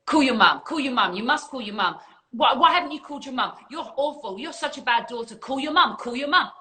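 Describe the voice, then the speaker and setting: A woman's voice: high voice, expressive, fairly quick, sharp tone. A woman voicing a nagging inner ego voice that scolds and guilt-trips with insistent repetition.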